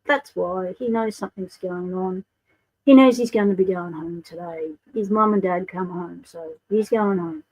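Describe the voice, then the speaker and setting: A woman's voice: lowish voice, normal speed, darkish tone, poor audio. A woman with an Australian accent hosting a casual livestream, chatting and greeting viewers by name. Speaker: livestream host.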